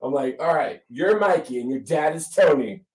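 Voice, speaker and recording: A man co-hosting a casual chat, telling a story in a wry, deadpan way with frequent laughs. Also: a little high, normal speed, far from the mic. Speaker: podcast co-host. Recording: echoey room, voice off-mic.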